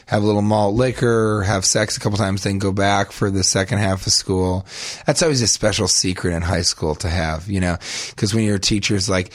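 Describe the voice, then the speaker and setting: Brief: young man, podcast co-host, dry close-miked deadpan storyteller. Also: on the low side, normal speed, dry recording. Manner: deadpan absurd storyteller, bursts into shrieking acted voices.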